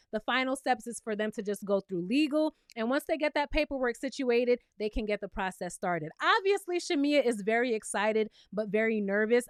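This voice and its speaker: A woman's voice: a little high, a bit bright, smooth, no echo, studio quality. A woman with a New York accent who is from Brooklyn, recapping a reality show in a sassy, chatty way and often asking the viewer "okay?".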